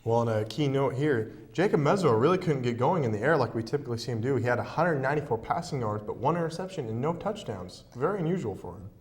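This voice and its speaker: A man's voice: mid-range voice, quick pace, few pauses. A young man anchoring a sports show, leading into segments and commenting on players' numbers with animation. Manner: leads segments, animated over stats.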